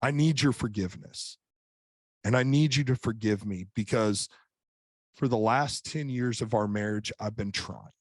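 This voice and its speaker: A middle-aged man, an author and coach appearing as a podcast guest, earnestly tells a personal story during a casual chat, often restarting his sentences. His medium-pitched voice moves at normal speed in a dry, studio-quality recording.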